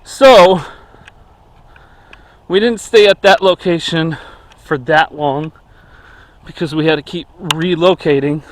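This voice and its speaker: Slow-talking man rambling in the woods. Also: fairly high pitch, slight background noise. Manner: rambling, many fillers. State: out of breath. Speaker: vlogger. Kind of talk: casual walking vlog. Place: outdoors in woods.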